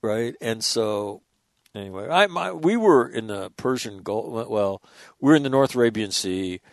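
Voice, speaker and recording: A man in his sixties, a former military officer, telling profane, animated stories in casual conversation. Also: fairly low pitch, normal speed, dry recording, clean studio sound. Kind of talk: casual storytelling.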